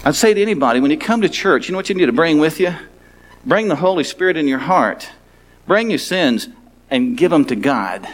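A man's voice: a little high, animated, fairly quick. A man, a pastor, preaching a sermon in a conversational, frank way, often restarting his sentences.

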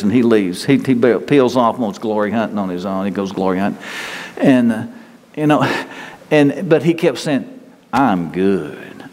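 A man preaching a sermon in a repetitive, emphatic way, climbing higher and louder as he gets stirred. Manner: emphatic, repetitive, rises in pitch and force when stirred. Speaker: pastor. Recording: reverberant hall with faint noise.

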